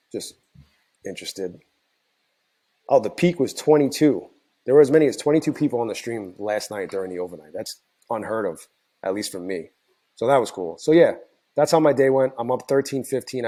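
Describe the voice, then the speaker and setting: A tired man whose voice is going hoarse walks his viewers through his trades in a loose, rambling way. He talks at a fairly low pitch, restarting sentences and filling pauses with ums and likes. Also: dark tone. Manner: rambling, self-correcting, many fillers. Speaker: trading channel host. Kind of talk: casual screen-share recap.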